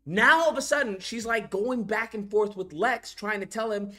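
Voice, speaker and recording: An animation channel host rants casually and in disbelief through a film's scenes, acting them out while swearing and laughing. His voice sits high, bright, and forceful, at a moderate pace with hardly any pauses.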